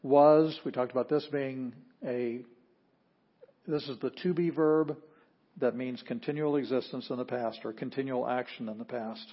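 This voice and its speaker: A man with a husky, slightly rough voice teaches an introductory Greek class. He explains grammar step by step and pauses to sound out each word. The recording is dull and lo-fi. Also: mid-range voice, fairly even intonation. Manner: explanatory, stops to sound out words. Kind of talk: classroom lecture. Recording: dull lo-fi audio.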